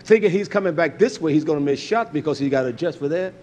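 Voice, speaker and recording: Animated older male preacher. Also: fast, a little hiss or hum. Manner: animated, swings between loud bursts and low asides. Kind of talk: animated sermon.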